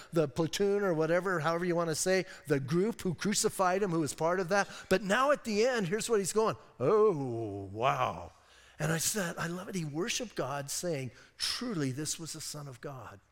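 High-voiced male pastor preaching. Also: big-room sound. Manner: animated, conversational preaching with asides to the congregation. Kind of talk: sermon. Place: church sanctuary.

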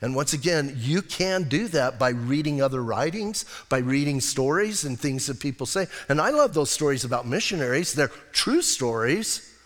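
A male pastor giving a sermon in a church, telling stories in a casual, animated way. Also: medium pitch, normal speed. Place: church sanctuary. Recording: long church reverb.

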